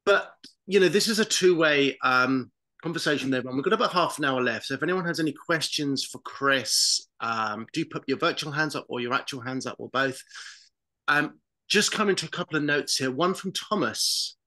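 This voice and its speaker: A man hosts an online actors' session and keeps a relaxed, casual flow with plenty of fillers. His voice is bright and forward, and it sounds like he's on a video call. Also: fairly high pitch, moderate pace. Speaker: workshop host. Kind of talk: casual hosting chat.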